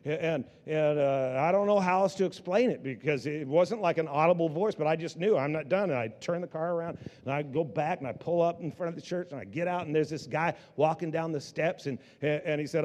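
A pastor preaches a passionate sermon in a fairly high, darkish voice, talking briskly with few pauses. He often stumbles and restarts his phrases, and a long hall reverb surrounds the recording.

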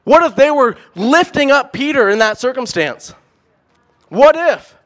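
A young man preaching a sermon, animated and emphatic, firing off rhetorical questions and repeating words. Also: very high-pitched, normal speed.

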